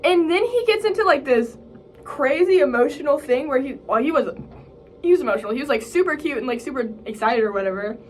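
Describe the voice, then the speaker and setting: A woman's voice: animated, brisk, soft background music. A young woman in college, chatting casually in a vlog, filling her speech with "like" and acting out what others said. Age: young adult. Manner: chatty, fillers like "like" and "bro", acts out quotes in a higher voice. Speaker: college vlogger.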